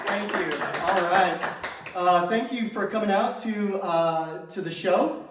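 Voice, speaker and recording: A man's voice: high voice, takes it slowly, background noise. A man performing a stand-up comedy set, self-mocking and fishing for applause for himself. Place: comedy stage before a live audience. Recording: echoey room, far from mic.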